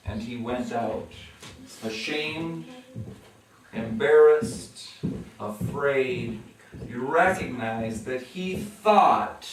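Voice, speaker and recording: A man preaching a sermon as pastor, who acts out the voices of the people in the story and gets louder and higher for their quotes. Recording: echoey room from far off.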